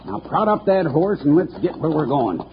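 A man's voice: on the high side, sing-song, moderate pace. An actor playing a menacing villainous ranch foreman in a 1950s radio western, sneering and threatening. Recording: old muffled radio broadcast with loud hiss.

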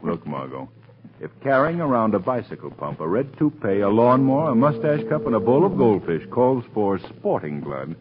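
A man's voice: mid-range voice, moderate pace, lightly acted. An actor playing a wealthy, wry young man-about-town in a 1930s radio drama. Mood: joking. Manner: dry, joking, then hushed and steady. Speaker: Lamont Cranston. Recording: dull old radio broadcast recording.

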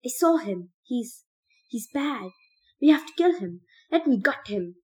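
A woman's voice: a little high, big pitch swings, unhurried, voice pushed up. A woman voicing an unhinged teenage boy, shrieking and frantic.

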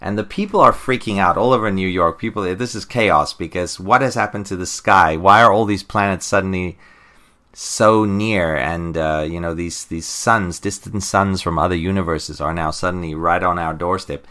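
Very deep-voiced guy hosting a comic podcast, chatty, enthusiastic, rambly. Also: normal speed, sharp tone. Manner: enthusiastic retelling with many fillers and restarts. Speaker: podcast host. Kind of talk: casual comic-book discussion.

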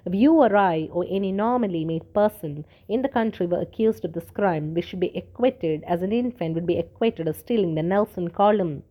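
A woman's voice: lowish voice, a little fast, few pauses, highs cut off, close to an everyday voice. Brief: woman reading as a bearded country doctor in a storybook, nervous but precise. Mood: grave. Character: tall, nervous black-bearded male doctor.

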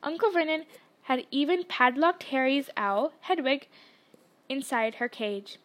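High-voiced woman reading a novel aloud. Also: expressive, measured pace, a bit bright. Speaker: audiobook reader.

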